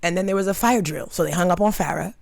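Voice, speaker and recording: Brief: young woman from Long Island, lower voice, comic storyteller, animated and laughing, dry close mic. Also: fast, creaky, no room sound. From Long Island, New York. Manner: animated, laughs through her stories. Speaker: comedian guest. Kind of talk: casual podcast storytelling.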